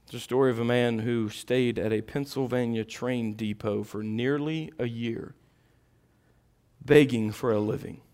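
A middle-aged man preaching a sermon, swinging between quiet, intimate asides and loud, impassioned peaks. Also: mid-range voice, fairly even intonation, measured pace.

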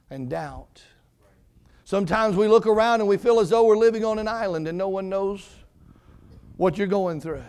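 A man preaching a sermon, dropping to hushed low passages and rising into fervent emphasis.

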